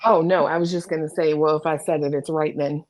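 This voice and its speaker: A woman's voice: sits low, steady tone, a little fast, a little mellow. A woman co-hosting a casual chat, chiming in with short reactions. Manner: chimes in with laughs and short reactions.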